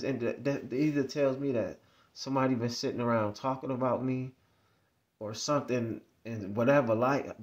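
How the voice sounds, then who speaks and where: Man vlogger, middle-range voice, loose rambling story talk. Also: mid-range voice. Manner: rambling, repetitive, conversational. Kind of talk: casual storytelling monologue.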